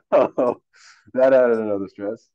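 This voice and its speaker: A man's voice: mid-range voice, steady tone, slow pace, clear, resonant tone, dull audio. A man, an actor guest in a casual interview, telling stories animatedly with many fillers and acting out quoted dialogue.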